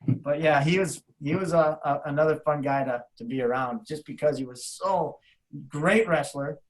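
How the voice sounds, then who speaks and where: A man's voice: on the high side, normal speed, low-quality recording. A man in his fifties, a martial arts coach on a podcast, telling rambling anecdotes with restarts and acting out other people's lines. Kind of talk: casual storytelling.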